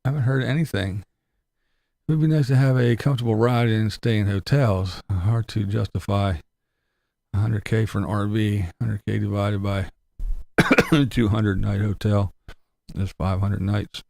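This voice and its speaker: A man's voice: lowish voice, fairly even intonation, a little slow, vocal fry, long pauses, darkish tone. A man talking in a rambling, sarcastic, casual way, swearing a lot as he complains. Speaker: vlogger. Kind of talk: casual profane chat.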